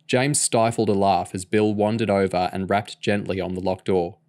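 A man narrating a novel aloud in a steady, measured storytelling voice. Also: low-pitched. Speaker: audiobook reader.

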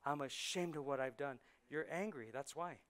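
An animated pastor with a clear, slightly high voice preaches a sermon at a moderate pace, swinging from hushed intensity to loud preaching and dropping Spanish words into his English. It's a live-mic church recording.

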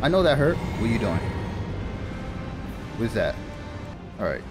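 A man commentating live on his own gameplay, excitable, repeating phrases and swearing at the enemies on screen. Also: mid-range voice, normal speed, over music. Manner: excitable, repeats himself, swears and laughs at the game. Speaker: gamer.

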